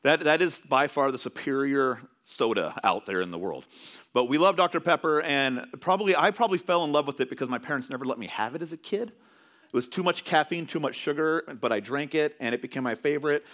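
A man's voice: on the high side, expressive, a little fast, fairly bright tone. A man from California preaching a sermon as pastor, telling stories in a loose, conversational way with many restarts.

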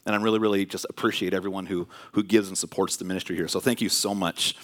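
A man's voice: low voice, steady tone, fast, fairly bright tone, dry recording. A man preaching a sermon in a church, telling stories in a loose, conversational way with many fillers. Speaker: pastor. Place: church sanctuary.

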